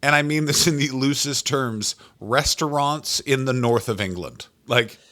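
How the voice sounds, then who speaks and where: A man's voice: medium pitch, sharp tone, dry recording, studio quality. A man co-hosting a comedy podcast, riffing profanely in casual chat. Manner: profane, riffing, quick jokes. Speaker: podcast co-host.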